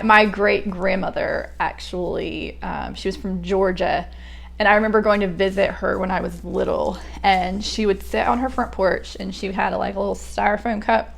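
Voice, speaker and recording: A young woman talks through a poem at a slow, unhurried pace, thinking aloud with plenty of fillers and false starts. Her voice has a gravelly, creaky edge, and she sounds casual rather than scripted. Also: mid-range voice, a bit bright. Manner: thinking aloud, hesitant, many fillers and restarts. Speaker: poetry reader and commentator. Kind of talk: casual spoken poetry analysis.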